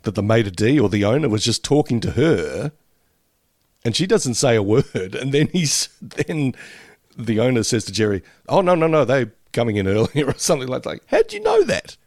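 Man, casual podcast chat, lively pitch, gravelly, dry sound. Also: moderate pace, no echo. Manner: animated, jokey, acts out little voices. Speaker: podcast co-host. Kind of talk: casual chat reviewing a sitcom.

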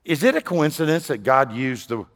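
A man preaching a sermon to his congregation, moving between loud emphatic lines and quiet, lower asides. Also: lively intonation, normal speed, big-room sound. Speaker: pastor. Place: church sanctuary.

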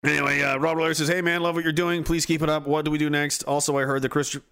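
A man's voice: a little high, flat delivery, fast, smooth. A man hosting a livestream, reading chat and ranting heatedly with lots of swearing. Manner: profane, heated, swings from yelling to groaning.

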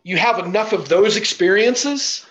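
A man's voice: high-pitched, lively intonation, a little slow, a bit bright, muffled recording. Blunt, profane man telling stories. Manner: blunt and profane, with frequent fillers. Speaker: guest. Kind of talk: casual storytelling.

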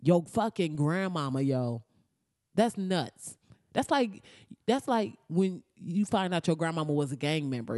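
A woman's voice: unhurried, no room sound, clean studio sound. Blunt, profane woman commentator. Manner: animated and blunt, swears freely, swings into loud high outbursts. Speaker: commentary host. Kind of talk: profane comedic news commentary.

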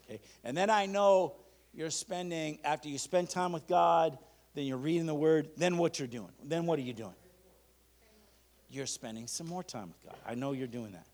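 A pastor preaching a sermon, leading the congregation in call-and-response and reading declarations slowly and emphatically. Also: male voice, on the high side, darkish tone.

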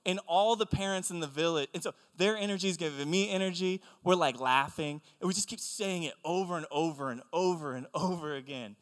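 A young man preaching a sermon, telling stories in an animated, conversational way. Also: fairly high pitch, a little fast, hardly any pauses. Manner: animated storytelling, excitable and conversational. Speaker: pastor. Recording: long hall reverb.

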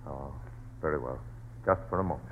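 An actor playing a calm, rational doctor who is a friend, firm and reassuring, in a 1940s radio play on a tinny old recording. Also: male voice, rumbling low, a little fast.

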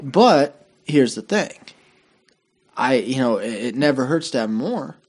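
A man's voice: mid-range voice, lively intonation, measured pace, a little mellow. A man who does stand-up, co-hosting a casual podcast and rambling through his stage bits with lots of fillers. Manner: rambling, filler-heavy storytelling. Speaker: stand-up comic and podcast co-host. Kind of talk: casual comedy podcast banter.

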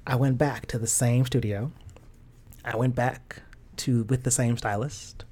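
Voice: medium pitch, steady tone, unhurried, mellow, breathy edge. Casual emotional storyteller, slangy and rambling. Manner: casual, emotional retelling with slang and many fillers. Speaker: fashion stylist. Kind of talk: personal storytelling.

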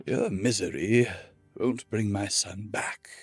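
A man voicing a bitter old male dwarf grandfather who talks stern and hissing, with a husky voice in a storybook reading. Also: lowish voice, very animated, slow, dry recording, soft background music, exaggerated voice.

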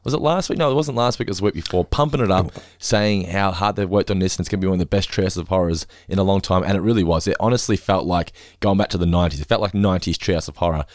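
A man's voice: deep voice, very fast, few pauses, dry recording, studio quality. A man co-hosting a podcast, chatting casually and acting out voices when he tells stories. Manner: animated storyteller, acts out voices. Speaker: podcast co-host.

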